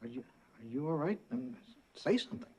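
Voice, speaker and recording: A man's voice: on the high side, very animated, normal speed, a little mellow, a little hiss or hum. An actor playing a mild-mannered male sidekick and announcer who stammers when flustered, in a sitcom. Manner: stammering, hesitant. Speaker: talk show sidekick and announcer. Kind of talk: sitcom acting.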